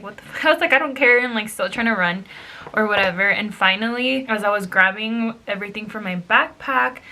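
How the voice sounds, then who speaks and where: Chatty young woman vlogger, bright voice. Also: fairly high pitch. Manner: chatty, swears freely, mixes in Spanish phrases. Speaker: beauty vlogger. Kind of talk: casual storytime while doing makeup.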